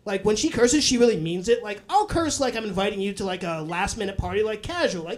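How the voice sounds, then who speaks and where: High-voiced young man doing stand-up. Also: animated, fast talker. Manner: loose, profane storytelling with bursts of acted voices. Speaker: stand-up comedian. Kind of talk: live stand-up set.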